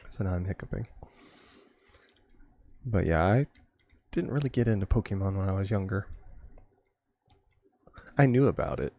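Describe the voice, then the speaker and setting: A man's voice: sits low, lively intonation, moderate pace, gravelly, long pauses, dark tone. A man streaming a game, chatting casually and rambling with frequent chuckles. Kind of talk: casual gameplay chat.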